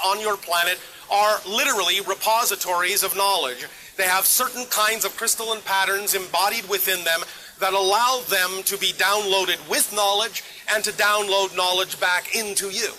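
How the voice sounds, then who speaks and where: A man's voice: sits high, sharp tone, low-quality recording. A man speaking as a channeled otherworldly male entity, answering questions in clipped, emphatic, probing sentences. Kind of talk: live channeling session Q&A.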